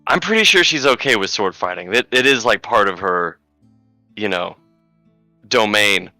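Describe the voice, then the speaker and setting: Male player, flustered and halting, very bright tone. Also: fairly low pitch, animated, no room sound, soft background music, low-quality recording. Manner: flustered, stammering with fillers. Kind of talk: casual tabletop play.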